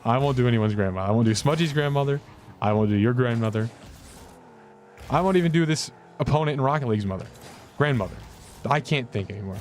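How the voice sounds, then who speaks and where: A young man streaming a game, chatting casually with viewers in a rambling, self-mocking way, his pitch jumping up and down. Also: darkish tone. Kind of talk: casual gameplay commentary.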